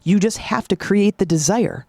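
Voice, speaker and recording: A woman voicing a calm, wise butterfly who reassures gently. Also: mid-range voice, moderate pace, no echo, studio quality, voice pushed up, lightly acted. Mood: encouraging.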